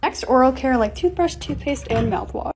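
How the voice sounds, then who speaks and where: A woman's voice: high-pitched, expressive, moderate pace, darkish tone, a little hiss or hum. A young adult woman narrating her cleaning and organizing vlog in a casual voice-over, gushing and bubbly with self-mocking asides. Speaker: lifestyle vlogger.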